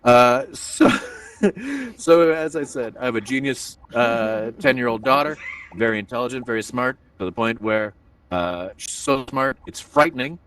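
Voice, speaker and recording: A man's voice: medium pitch, animated, unhurried, a bit bright, recorded from a distance. A man hosting a stand-up comedy show in a virtual reality room, rambling and self-deprecating, with many filler asides.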